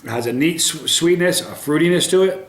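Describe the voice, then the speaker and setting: A man with a slightly high voice talks through a pepper tasting review to camera. He is upbeat but halting, full of ums and restarts, and the room around him rings with echo. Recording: roomy echo.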